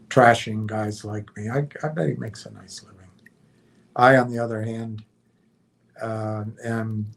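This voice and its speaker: Slow-talking man hosting a livestream. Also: lowish voice, creaky. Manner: unhurried, trails off with fillers. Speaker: livestream host. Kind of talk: casual chat reading viewer comments.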